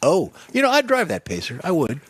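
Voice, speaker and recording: A man's voice: a little high, huge pitch swings, fairly quick, breathy edge, no echo, clean studio sound. A man co-hosting a radio show in casual chat, with folksy interjections and agreeing asides. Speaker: radio co-host. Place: radio studio.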